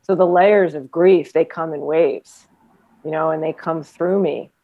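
Woman, slightly low voice, reflective chatty guest, dull lo-fi sound. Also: steady tone, measured pace. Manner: reflective, rambling with frequent fillers. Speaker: body therapy practitioner and former trauma nurse. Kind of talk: casual conversation.

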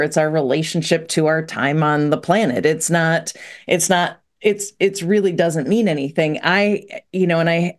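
Reflective woman expert guest, lower pitch, easygoing and searching for words. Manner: thoughtful, many fillers and restarts. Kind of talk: conversational interview.

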